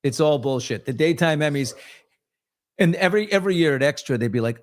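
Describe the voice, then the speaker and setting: A man's voice: a little high, normal speed. Blunt, opinionated male talk show host. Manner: mimics other voices in quotes. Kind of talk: casual live morning talk show.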